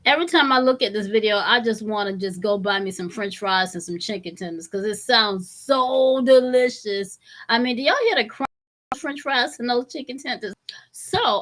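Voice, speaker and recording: A woman's voice: mid-range voice, bright, forceful tone. A woman hosting a legal commentary channel, chatting to viewers and explaining a story. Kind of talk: casual commentary.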